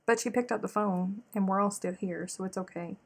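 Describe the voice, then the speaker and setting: A woman hosting a live crochet stream, chatting casually and telling animated stories straight to her viewers. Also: mid-range voice, fairly quick, gravelly, husky. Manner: chatty, animated storytelling, addresses viewers directly.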